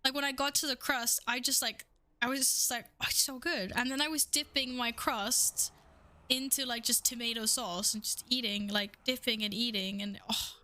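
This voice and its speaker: A young woman streams a game and chats casually with viewers, playful, laughing often and swearing freely. Her voice is a little high and sharp, with fairly even intonation at a normal speed.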